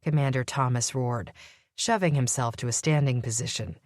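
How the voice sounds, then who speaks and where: A woman reading a first-person audiobook, measured and wry. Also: rumbling low, a little mellow, no echo, studio quality. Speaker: audiobook narrator.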